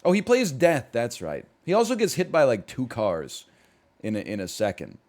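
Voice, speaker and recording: On a live stream, a Canadian man chats casually, responding to chat and wandering through asides before jumping into sudden bursts of excitement. His voice sits in the mid-range and he speaks at a moderate pace.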